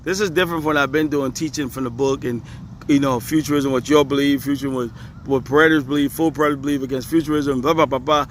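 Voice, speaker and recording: With a mid-range voice and fairly even intonation, the man teaches scripture at a quick pace, a little hiss or hum in the background. It's a casual video in which this religious teacher hammers his points home by repeating them and chuckles a lot.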